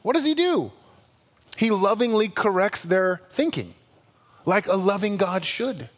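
A man preaching a sermon with a notably high voice for a man, and his words ring out with a long reverb, as if filling a church hall. He keeps it conversational and animated, slipping in playful asides and correcting himself with humor. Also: measured pace. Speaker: pastor.

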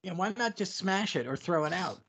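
A man's voice: sits high, expressive, fairly quick, creaky, a bit bright, husky. A man co-hosting a podcast in casual chat, adding joking, sarcastic asides. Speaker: podcast co-host.

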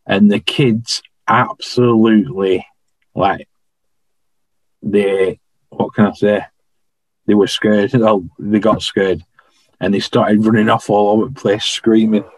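A man tells anecdotes in a relaxed, chatty way, full of regional turns of phrase. His voice sits fairly low. The sound is dry and close, with little room around it. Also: slow, pauses often, no echo, low-quality recording. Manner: chatty anecdotal, dialect grammar like "I was stood". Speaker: podcast guest, former royal guardsman. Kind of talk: casual storytelling.

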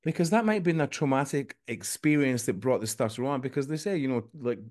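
A man's voice: mid-range voice, expressive, quick pace, darkish tone. Scottish man hosting a chatty podcast. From Scotland. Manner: rambling, acts out quoted voices. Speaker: podcast host. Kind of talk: casual interview chat.

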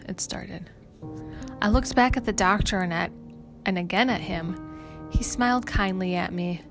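A woman reading a first-person story aloud in an even, measured way. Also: mid-range voice. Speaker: story narrator. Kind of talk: scripted first-person narration. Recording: music playing underneath.

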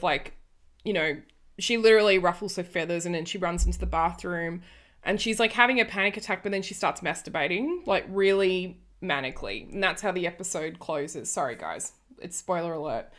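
A woman in her early thirties chats casually on a podcast, her medium-pitched voice fairly bright. Her story rambles and is full of restarts.

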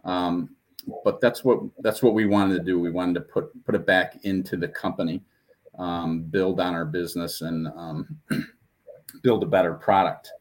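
A man's voice: deep voice, steady tone, unhurried. A company leader answering interview questions, a man who stammers and restarts his sentences.

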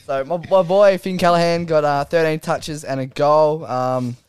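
A man's voice: fairly high pitch, fairly even intonation, normal speed. A man with an Australian accent hosting a casual football podcast, teasing his co-hosts and running through the stats with a laugh. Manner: laughing, teasing, runs the segment. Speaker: podcast host.

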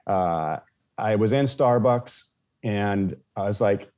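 Halting storytelling man, mellow voice. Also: fairly low pitch. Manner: halting, many restarts and fillers. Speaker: podcast guest. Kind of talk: casual storytelling.

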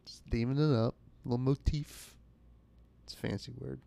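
A young podcast host with a medium-pitched, warm, creaky voice tells a rambling comedic story at his own expense, acting out others' dialogue. His tone stays steady at a moderate pace, and the recording is dry.

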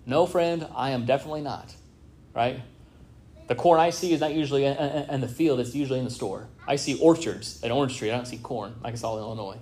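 A man from Southern California preaches to his congregation in a relaxed, conversational way, often tossing out quick questions to the room. His voice sits at an ordinary middle pitch. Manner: conversational preaching with frequent "right?" asides. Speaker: pastor. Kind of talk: sermon. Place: church sanctuary.

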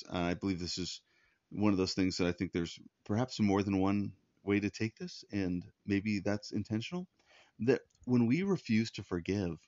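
A man's voice: lowish voice, a little mellow, dry recording, lo-fi sound. A man preaching a sermon, teaching in an earnest, conversational way and often restarting his sentences. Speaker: pastor.

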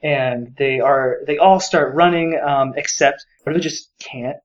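A man's voice: on the high side, unhurried, muffled recording. A man co-hosting a podcast, talking enthusiastically about a book and rambling with many fillers. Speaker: podcast co-host. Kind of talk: casual book discussion.

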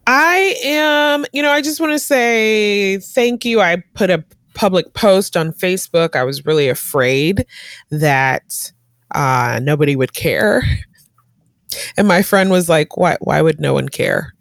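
A woman's voice: medium pitch, expressive, slow pace, no room sound, studio quality. A woman in her thirties chatting casually over a video call, rambling with many fillers and frequent laughs. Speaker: guest in a conversation. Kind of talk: casual chat.

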